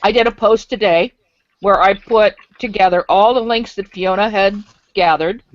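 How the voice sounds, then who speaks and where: A woman talks quickly and chattily in a casual online group chat, audibly exasperated. Her voice sounds dry and close, thinned by lo-fi web call audio. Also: mid-range voice, no echo.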